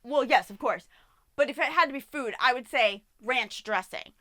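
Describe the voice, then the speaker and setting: A woman's voice: high voice, moderate pace, pushed and bright, no echo. A woman chatting as a guest with a friend, giggly and self-deprecating. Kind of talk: casual chat.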